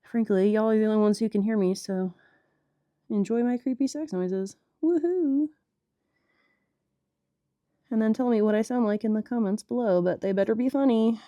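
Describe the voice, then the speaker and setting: A woman's voice: medium pitch, fairly quick, warm tone, no echo. Chatty irreverent woman leading stretches. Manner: chatty, irreverent, joking asides. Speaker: yoga and stretching instructor. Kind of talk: casual guided stretching class.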